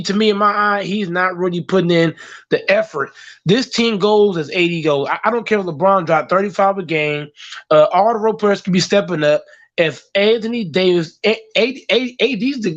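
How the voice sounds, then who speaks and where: A high-voiced man delivers heated sports opinions, hammering his points with repetition and profanity. The sound is muffled and lo-fi, like a call-in to an online show. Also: fairly bright tone.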